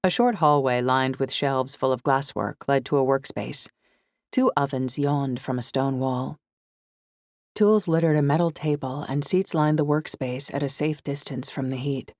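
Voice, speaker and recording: A woman reading a first-person novel aloud in measured, scripted narration. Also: very deep voice, a little mellow, no room sound, studio quality. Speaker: audiobook narrator.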